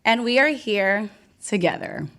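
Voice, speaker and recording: A woman's voice: medium pitch, expressive, a little slow, fairly bright tone. Bubbly young woman hosting live. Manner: bubbly, playful and hyped, talks straight to the crowd. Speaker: event MC. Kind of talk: live ceremony hosting with crowd work. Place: event venue with a live audience.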